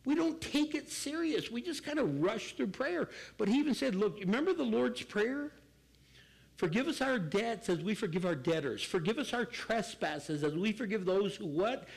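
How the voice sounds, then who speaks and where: Older pastor with a gravelly, lively voice. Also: male voice, high-pitched, poor audio. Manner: animated, acts out people in quick asides. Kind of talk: sermon.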